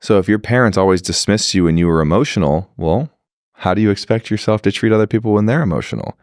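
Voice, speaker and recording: A man speaking as a podcast guest in casual conversation, animated and blunt, swearing freely and acting out quoted dialogue. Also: fairly low pitch, fast, no room sound, studio quality. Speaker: podcast guest, leadership mentor.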